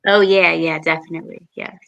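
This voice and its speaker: A woman on a podcast panel, chatting in an easygoing way and thinking out loud. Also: deep voice, steady tone, brisk, vocal fry, dull audio. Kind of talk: casual chat.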